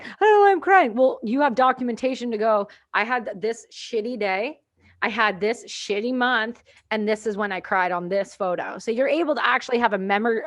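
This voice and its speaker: A woman hosting a podcast in casual chat, encouraging and blunt, swearing freely. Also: mid-range voice. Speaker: podcast host.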